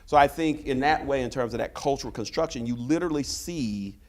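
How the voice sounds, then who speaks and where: A man's voice: medium pitch, fairly quick. A man, a professor, speaking on a panel and lecturing, who keeps checking in with listeners by asking "right?". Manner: rhetorical, tags points with "right?"; acts out quoted people in raised voices. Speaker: history and literature professor.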